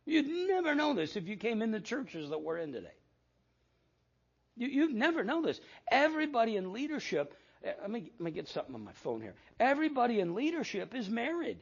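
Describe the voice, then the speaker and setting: A man's voice: high voice, big pitch swings, normal speed, creaky, husky, dull audio. An older man preaching a sermon as pastor, telling stories with quoted dialogue and self-deprecating asides.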